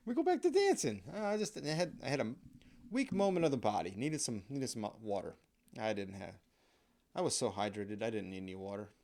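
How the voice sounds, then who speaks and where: With a brisk delivery and a darkish, lowish voice, a man on his podcast tells a comic story from his own life. It's rambling, profane, and full of self-mockery.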